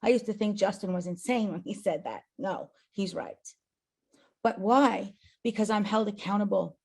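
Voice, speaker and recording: A woman's voice: mid-range voice, normal speed, creaky, darkish tone, slightly rough. A woman and agency owner giving an earnest, emphatic motivational talk on a company call, often checking in with "right?". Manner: emphatic, earnest, tag questions.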